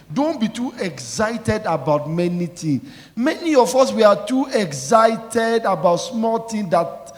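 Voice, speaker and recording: A man preaching a sermon as pastor, emphatic and scolding, calling out questions for the congregation to answer. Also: high voice. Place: church. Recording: echoey church hall.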